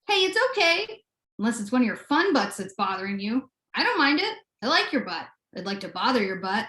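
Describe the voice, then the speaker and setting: A woman performs a poem at a live reading, with a high voice that leaps up and down in sing-song baby talk. Her cooing turns into pushy, mock-aggressive demands and back again. The sound rings around an echoey gallery room. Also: sing-song, fairly quick, fairly bright tone. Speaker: poet reading at a live event. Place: art gallery space.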